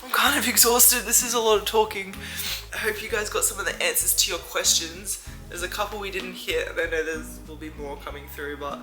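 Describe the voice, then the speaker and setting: A woman's voice: mid-range voice, brisk, echoey room, over music, rough recording. A young woman, chatting casually and teasingly in a vlog Q&A at home. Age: young adult. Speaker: vlogger. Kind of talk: casual Q&A chat. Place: room at home, at night.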